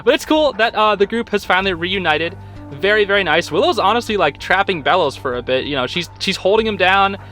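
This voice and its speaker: A young man hosting a casual episode recap, excitable and informal, with slang and lots of fillers. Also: high voice, brisk, soft background music. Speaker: host.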